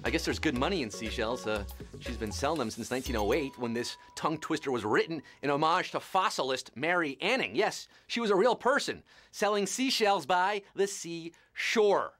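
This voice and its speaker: A man with a high voice hosts a live trivia game show. He reads questions and answers in a playful, punning patter full of wisecracks. Soft music plays faintly behind him. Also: expressive, moderate pace. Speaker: quiz show host.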